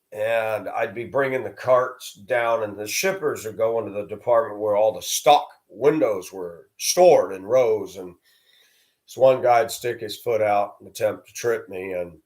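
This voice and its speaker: A male vlogger with a lowish, darkish voice rambles to the camera in a personal monologue, blunt and sometimes crude, with coarse language.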